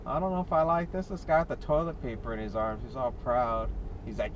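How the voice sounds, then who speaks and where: A man's voice: medium pitch, steady tone, fairly quick, distant mic, dull audio. A man vlogging as a delivery driver, chatting and joking about the traffic and crowds as he drives, recorded inside his car on a dash cam. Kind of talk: casual driving commentary. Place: inside a car in Las Vegas. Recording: noisy car interior. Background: car and street noise.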